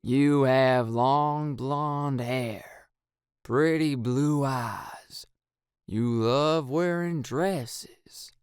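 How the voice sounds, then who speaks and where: A man voicing an excited teenage boy who chants hypnosis lines in a slow monotone. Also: mid-range voice, clean tone, no room sound, studio quality.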